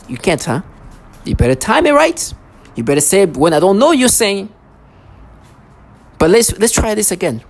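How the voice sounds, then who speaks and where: Vlogger, mid-pitched, agitated, repetitive, stammers and restarts often. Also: sing-song, normal speed, pauses often. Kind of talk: rambling personal monologue.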